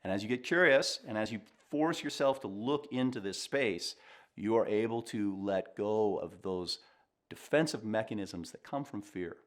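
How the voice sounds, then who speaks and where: Low-voiced guy coaching to camera, calm, reflective, sincere. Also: normal speed. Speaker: communication coach. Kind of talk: advice talk to camera.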